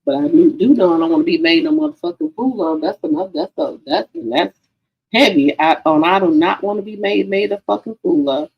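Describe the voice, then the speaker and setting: A woman's voice: mid-range voice, lively intonation, brisk, gravelly, breathy edge, highs cut off. A woman hosting a casual gossip livestream, chatty and profane, talking to her viewers as girlfriends. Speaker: livestream host.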